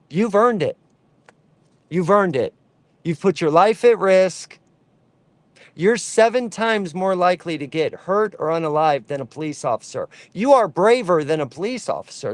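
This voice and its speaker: A fervent man delivers a rallying rant straight to camera, hammering home his points through repetition. His voice sits a little higher than most men's and is recorded close and dry, with no room sound. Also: very animated, normal speed, dry recording. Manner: fervent, preachy, repeats lines for emphasis. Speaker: trucker advocate. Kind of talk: impassioned direct-to-camera rant.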